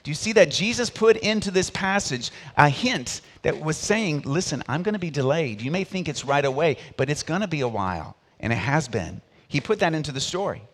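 A middle-aged male pastor delivers a sermon in a somewhat high voice, animated and a little fast with few pauses. His volume rises and drops sharply, and he trades call-and-response with the congregation.

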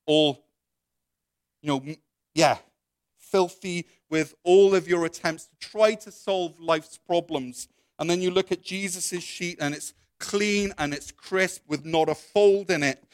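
A man's voice: fairly high pitch, dry recording, clean studio sound. A man preaching, telling a story in the second person and then leading a prayer. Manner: storytelling, second person, with soft quoted voices. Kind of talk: sermon illustration and prayer.

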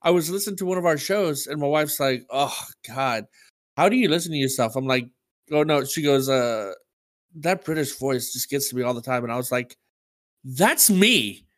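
A man co-hosting a casual podcast chat, joking and telling stories in an animated way. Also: mid-range voice, normal speed. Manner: animated, jokey storyteller. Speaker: podcast co-host.

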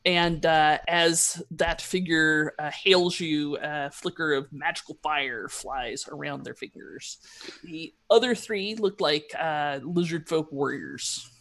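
A woman's voice: sits low, slow, a bit bright. A woman running a tabletop role-playing game as game master, narrating scenes and voicing characters in a chatty way. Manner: chatty, laughs often, voices characters.

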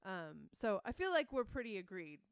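A woman's voice: medium pitch, very animated, moderate pace, clean tone, no room sound. A woman co-hosting a podcast in casual chat, explaining her thinking in a thoughtful, analytical way. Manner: thoughtful, analytical, reads quotes aloud. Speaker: podcast co-host.

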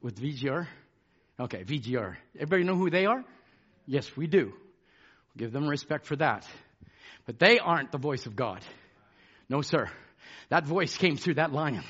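A man preaching a fiery sermon, fervent, swinging between shouted declarations and hushed asides. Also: a little high, big pitch swings, normal speed, pauses often, husky, lo-fi sound.

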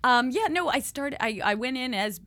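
A woman in her fifties, a guest actress in a studio podcast interview, telling animated stories with laughter and slipping into put-on accents. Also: high-pitched, moderate pace.

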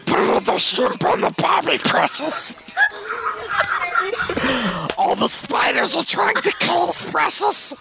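A man's voice: sits high, animated, extremely slow, vocal fry, long pauses, over loud music, exaggerated voice. A man putting on Gollum, a wretched male creature who hisses and rants and calls everyone precious. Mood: ranting.

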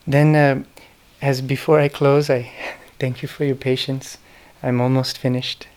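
Middle-aged man, earnest devotional lecturer, smooth clear voice. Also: mid-range voice, flat delivery, a little slow. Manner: earnest, devotional storytelling with soft, whispered quoted names. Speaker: speaker giving a talk on spiritual history. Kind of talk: reflective spoken lecture.

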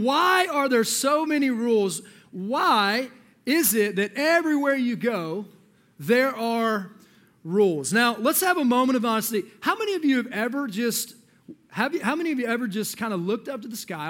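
A man giving an energetic, joking youth sermon as a youth pastor, talking directly to the crowd. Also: extremely high pitch.

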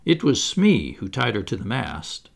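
Gravelly, expressive male storybook narrator. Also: lowish voice. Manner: measured, expressive reading. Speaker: audiobook narrator.

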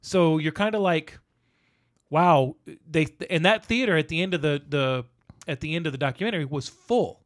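A middle-aged man co-hosting a podcast, chatting casually about a movie in a rambling, animated way. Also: on the high side, moderate pace. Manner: rambling, animated storyteller, acts out quotes. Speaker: podcast co-host.

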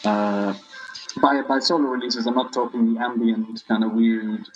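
A man talking as a podcast guest in casual chat, halting, with lots of restarts and fillers. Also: medium pitch, flat delivery, dull audio, faint music behind.

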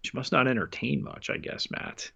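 A man co-hosting a podcast, recapping scenes in a measured, unhurried way. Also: mid-range voice, wildly swooping pitch, vocal fry, sharp tone, slightly rough. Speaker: podcast co-host. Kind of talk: casual chat. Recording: dull lo-fi sound.

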